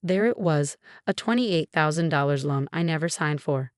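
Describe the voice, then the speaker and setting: Woman, narrator, low voice, measured, dry recording. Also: lively intonation, no echo. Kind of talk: scripted story narration.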